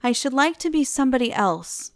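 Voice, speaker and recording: A woman reading the lines of a petulant, flippant young gentleman who is languid and bored. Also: high-pitched, animated, a little fast, dry recording, voice pushed up.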